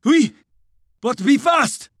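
A man's voice: very high voice, lively intonation, slow pace, a bit bright, no echo, clean studio sound, pitched above the performer's own voice, heavily acted. A man doing an urgent Belgian officer. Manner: urgent, commanding.

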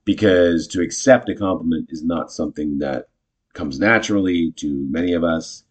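Low husky man teaching improv. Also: normal speed. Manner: chatty, self-correcting, animated when acting out lines. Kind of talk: casual teaching talk with acted example lines.

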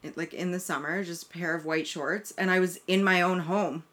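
A woman co-hosting a podcast, chatting casually, reacting quickly and swearing now and then. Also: fairly low pitch, fairly even intonation, fairly bright tone. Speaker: podcast co-host. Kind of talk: casual chat.

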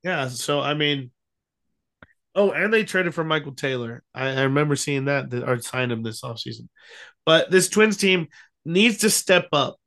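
A man's voice: a little high, animated, normal speed, fairly bright tone. A young man co-hosting a podcast, chatting casually about baseball with easygoing ums and restarts. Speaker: podcast co-host. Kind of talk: casual sports chat.

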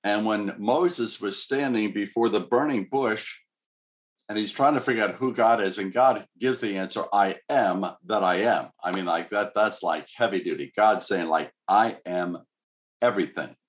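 A man's voice: lowish voice, normal speed. A middle-aged male pastor preaching a sermon in an earnest, conversational way with casual asides.

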